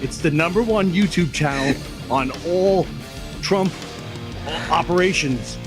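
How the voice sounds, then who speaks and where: A man's voice: on the high side, a little slow, natural voice. A man doing an impression of a boastful male former president in a bombastic campaign-ad delivery, over guitar music. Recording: clip played with guitar music behind.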